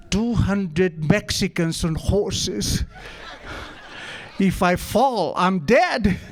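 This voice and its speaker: A man with a high-pitched voice tells a story to an audience, playing it for laughs. He mocks himself as he goes, acting out scenes and making sound effects. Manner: animated, comic, acts out scenes with gestures and sound effects; self-mocking. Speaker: recovery meeting speaker. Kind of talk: comic storytelling talk to an audience.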